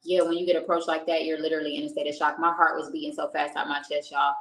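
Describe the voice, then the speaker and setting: A woman's voice: low-pitched, little pitch movement, fast talker, slight background noise, low-quality recording. A young woman streaming to her viewers, telling a personal story in a candid, emotional way, swearing freely and speaking. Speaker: streamer recounting a personal experience. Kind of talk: casual chat with viewers. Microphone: home streaming setup.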